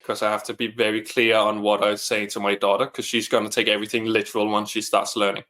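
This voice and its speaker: A man speaks in a somewhat low voice, earnest and reflective as he shares his experience. He is a single father and coaching client in a casual interview chat. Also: level tone, fast talker, pushed and bright.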